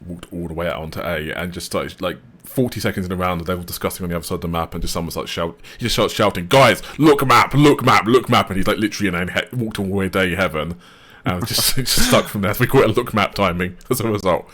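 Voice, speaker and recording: A man with a very deep voice chats casually on a podcast, telling stories and breaking down matches. He talks in a loose, relaxed way, full of ums and hedges. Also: fast talker, hardly any pauses. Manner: relaxed storytelling, many fillers, hedges. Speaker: podcast co-host. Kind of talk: casual esports analysis chat.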